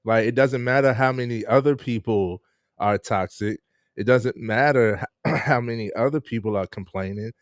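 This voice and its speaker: A man's voice: medium pitch, normal speed, dry recording, clean studio sound. A man hosting a casual live-streamed interview, chatting with viewers and laughing often. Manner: laid-back, laughs often, chats with viewers.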